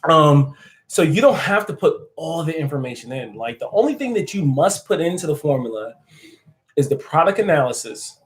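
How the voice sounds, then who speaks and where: A man from the United States hosts a casual live stream, answering viewer comments in a chatty, joking way and laughing often. His voice is medium in pitch, and the recording quality is low.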